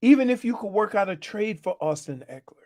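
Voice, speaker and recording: A man with a high, swooping voice trades jabs on a studio sports radio show. He teases his co-host relentlessly and raises his voice whenever he pushes back. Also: brisk. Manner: teasing, animated, drops into loud outbursts. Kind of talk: casual sports radio banter.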